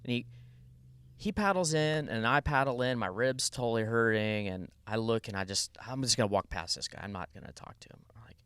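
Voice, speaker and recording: A man appearing as a podcast guest, telling a long story in a rambling, animated way with many restarts. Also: mid-range voice, a little fast, smooth, no echo. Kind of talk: casual storytelling.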